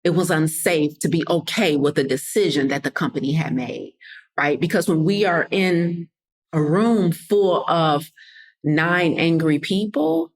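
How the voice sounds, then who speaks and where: A woman's voice: sits low, expressive, unhurried. A woman hosting a casual motivational podcast, talking straight to her listeners and acting out what people said. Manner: conversational, addresses listeners as y'all, drops into quoted voices. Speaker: podcast host and coach.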